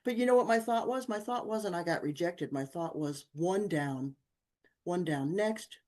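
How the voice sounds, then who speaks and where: An older woman, a guest on a talk show, telling personal stories in casual chat, acting out the voices of people in them and laughing often. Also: normal speed. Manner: animated, acts out dialogue with big pitch jumps, laughs often. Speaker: podcast guest, author.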